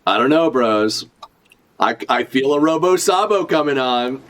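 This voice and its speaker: Lively, casual young male streamer. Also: medium pitch, unhurried. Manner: casual, profane, full of fillers. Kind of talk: live reaction commentary.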